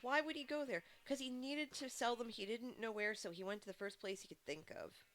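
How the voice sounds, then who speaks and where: A woman's voice: a little high, a little fast, fairly bright tone. Chatty woman streamer. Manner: rambling, chatty, many fillers and restarts; talks to chat viewers. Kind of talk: casual live-stream chat while playing.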